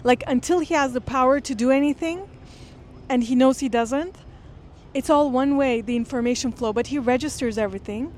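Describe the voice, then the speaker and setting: A woman reading a classic text aloud and pausing to explain it. She speaks in an earnest, thoughtful way. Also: sits high, a little mellow, a little hiss or hum. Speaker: literature lecturer. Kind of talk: reading aloud with close-reading commentary.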